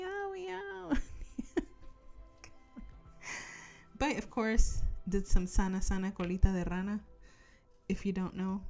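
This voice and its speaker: A young woman chats while she crafts at home, her voice slightly low. She rambles, laughs often and drifts between topics. Faint music plays underneath. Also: darkish tone. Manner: giggly, rambling storyteller. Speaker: crafting channel host. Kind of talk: casual chat while crafting.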